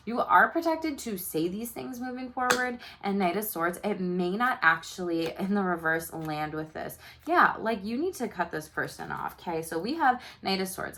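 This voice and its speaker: A woman's voice: on the low side, a bit bright. A woman doing a casual tarot reading, chatty and loose, full of fillers and the odd swear word. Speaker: tarot reader.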